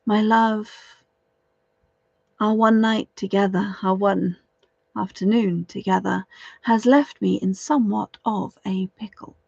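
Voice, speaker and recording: A woman storyteller voicing a devoted young noblewoman, speaking earnestly and a little higher. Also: fairly even intonation, slow, creaky, a little mellow, dry recording. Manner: earnest and urgent. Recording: dull, dry lo-fi recording.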